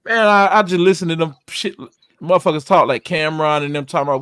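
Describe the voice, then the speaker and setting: A man hosting sports radio in loose, profane banter. His delivery is animated and swings up and down, and his voice sounds dry and close, with little room sound around it. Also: a little high, a little fast, clear, resonant tone, no room sound. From North Carolina.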